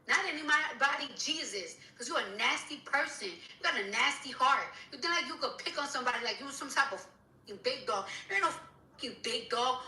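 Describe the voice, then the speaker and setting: A woman's voice: sits high, pushed and bright, echoey room, recorded from a distance, rough recording. A woman rapper in an angry, profane rant on social media, repeating herself as she scolds someone.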